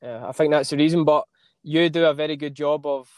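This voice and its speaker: Scottish male podcast guest, a bit higher pitched, friendly talker, dry recording, soft music bed. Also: fairly even intonation, a little fast, clear, resonant tone, no echo. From Scotland. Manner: friendly, explains at length with small repeats. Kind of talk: casual podcast conversation.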